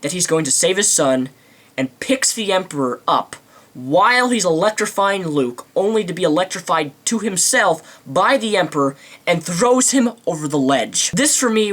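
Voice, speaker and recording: A man's voice: sits high, a bit bright. A man giving a ranting movie commentary, indignant and mocking, with theatrical flourishes. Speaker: video commentator.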